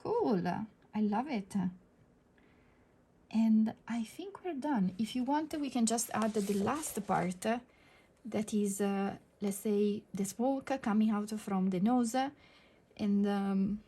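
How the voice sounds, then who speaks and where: A woman with an Italian accent talking through a drawing tutorial, soft-spoken and hesitant with many fillers, sometimes dropping to a near whisper as she works. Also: medium pitch, slow, husky. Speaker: digital art tutor.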